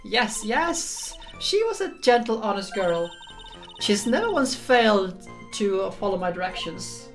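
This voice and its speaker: A woman's voice: medium pitch, sing-song, unhurried, music in the background. Woman putting on a hearty older nun. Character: chatty older nun with a bad back, jolly and teasing. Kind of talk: dramatic reading of game dialogue.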